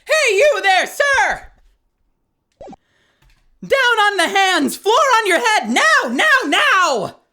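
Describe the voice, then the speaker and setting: A woman voicing an overeager young male court bailiff in a game, shouting every line and closing each with "sir". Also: extremely high pitch, big pitch swings, extremely slow, pauses often, pitched above the performer's own voice, heavily acted. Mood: barking orders. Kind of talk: game voice acting on a stream.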